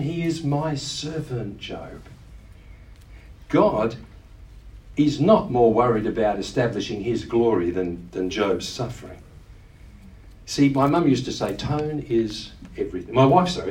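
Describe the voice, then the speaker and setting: A man preaching with earnest emphasis, his voice standing back from the microphone in a room that echoes. He draws out quoted lines and leans hard on key words, in a middle pitch for a man. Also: darkish tone, far from the mic. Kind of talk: sermon.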